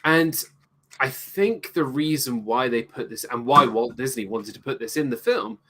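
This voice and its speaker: A man's voice: mid-range voice, normal speed, fairly bright tone. Give me a thoughtful British man co-hosting a casual film review chat. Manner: thoughtful, rambling with many restarts.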